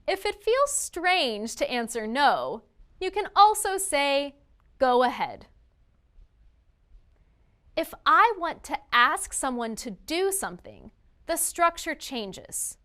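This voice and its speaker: A woman's voice: high voice, big pitch swings, a bit bright. Woman explaining grammar, voice bounces up and down a lot, stresses example phrases. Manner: clear, slow, emphatic delivery of example phrases. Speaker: grammar teacher. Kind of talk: scripted lesson narration.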